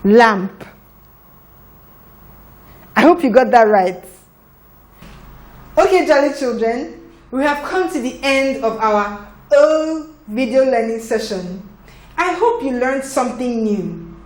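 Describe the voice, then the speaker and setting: Slow, patient woman teaching phonics. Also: on the high side, expressive. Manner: patient, encouraging, sounds out letters. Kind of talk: slow children's phonics lesson.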